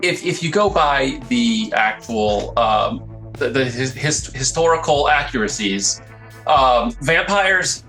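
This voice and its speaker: Male player as a flustered vampire buff, slow and halting, soft music behind. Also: medium pitch, animated, heavily acted, poor audio. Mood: defensive. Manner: stammering, hesitant, laughs often. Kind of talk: tabletop role-play in character.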